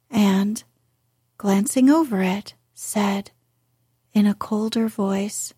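A woman narrating a classic novel in a calm, even audiobook reading. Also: a little high, breathy edge, no echo, clean studio sound.

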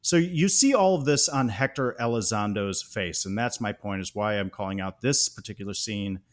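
Lower-pitched man discussing films. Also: normal speed. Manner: thoughtful, analytical, animated when praising. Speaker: podcast co-host. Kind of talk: casual film discussion.

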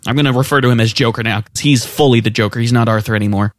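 A man co-hosting a casual film discussion, animated and quick to act out scenes. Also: mid-range voice, no echo, studio quality. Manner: animated, acts out quotes in raised voices. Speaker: podcast co-host.

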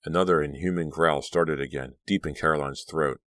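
A man with an extremely deep voice narrates a horror audiobook. His reading is steady and dramatic. The sound is dry and close-miked, with almost no room echo. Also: brisk.

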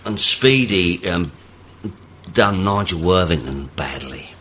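A man's voice: low-pitched, expressive, takes it slowly, fairly bright tone, slightly rough. A man co-hosting a casual football podcast in a jokey way as he wraps up the show. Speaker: podcast co-host.

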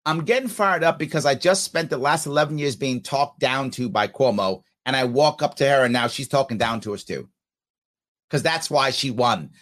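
A man's voice: medium pitch, normal speed, a bit bright. A man with a New York accent, hosting a podcast and giving blunt, scornful live commentary over clips of a speech. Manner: blunt, scornful, heats up as he talks.

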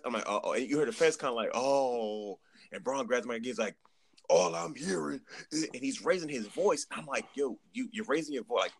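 A man chatting on a podcast, telling an animated story, acting out quotes and repeating words as he goes. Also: medium pitch, a little hiss or hum. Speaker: podcast guest. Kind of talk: casual chat.

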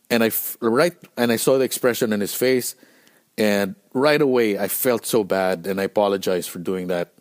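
A middle-aged man from the Philippines telling a tour story on his own show, animated and profane, acting out what people said. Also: lowish voice, moderate pace. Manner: animated, profane, acts out quotes. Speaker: podcast host and band musician. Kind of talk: casual storytelling monologue.

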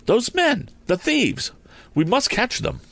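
A man voicing an eager teenage boy inventor in a spoken adventure story, calling out with urgent excitement. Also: deep voice, normal speed, no room sound, full character voice. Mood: excited.

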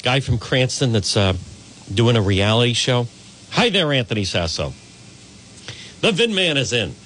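A man's voice: medium pitch, big pitch swings, normal speed, fairly bright tone, slight background noise. A man hosting a morning radio talk show, boisterous and exuberant, greeting listeners by name.

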